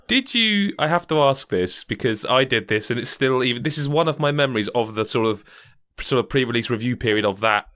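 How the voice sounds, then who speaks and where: A man on a podcast mic with a lively voice that swings up and down in pitch. He jokes and teases in loose chat. He laughs easily and keeps things light. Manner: animated and jokey, quick to laugh and tease. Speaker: podcast host. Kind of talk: casual chat.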